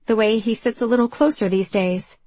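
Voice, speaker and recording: A young woman narrating a first-person audiobook in a wry, confessional, self-deprecating way, with a husky voice. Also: a little high, steady tone, a little fast, darkish tone, no echo.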